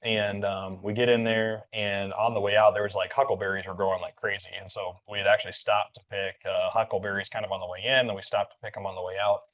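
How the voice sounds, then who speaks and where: Fast-talking man telling a rambling story. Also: fairly low pitch, level tone, fairly bright tone. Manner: rambling, filler-heavy, acts out quoted dialogue. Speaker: podcast host. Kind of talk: casual storytelling chat. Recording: dull lo-fi audio.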